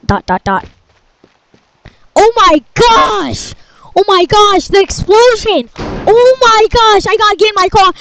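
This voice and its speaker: Brief: woman storyteller improvising a game story, slow and dramatic, over clicky noise. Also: extremely high pitch, animated. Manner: dramatic shouting and playful voices. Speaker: storyteller voicing all parts.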